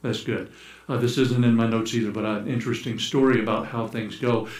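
A man's voice: mid-range voice, steady tone, brisk. Storytelling male pastor in an echoey church. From United States. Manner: storytelling, playful, acts out shouted calls. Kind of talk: sermon. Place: church sanctuary.

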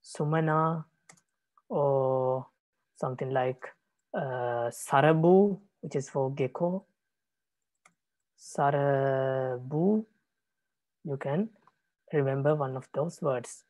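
A male monk leads a language lesson at an unhurried pace, repeating example words so students can hold on to them. His speech is halting and gentle, full of small pauses. The sound is dry and close, with no room echo. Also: medium pitch. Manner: patient, repeats words, many hesitations. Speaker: Buddhist monk teaching Pali. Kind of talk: classroom teaching.

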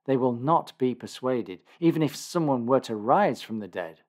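Abraham, stern old patriarch, read by a male narrator, firm and measured. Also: medium pitch, animated, a little mellow, lightly acted.

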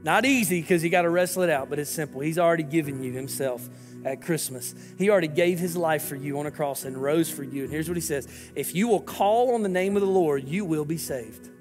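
A man's voice: on the high side, a little fast, long reverb tail, faint music behind. A man, a lead pastor, giving an earnest, pleading sermon and prayer to viewers watching online.

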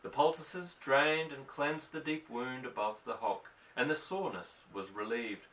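Bright, lively male storyteller. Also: mid-range voice, recorded from a distance, low-quality recording. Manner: expressive storytelling, voicing each character. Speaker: audiobook narrator. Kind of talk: audiobook reading of a novel.

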